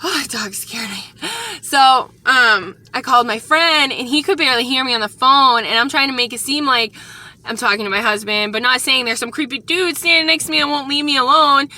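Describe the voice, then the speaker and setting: Woman, casual storytime vlog, rambling, earnest, high bright voice. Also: fairly quick. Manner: rambling, shaken, earnest warning. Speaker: vlogger.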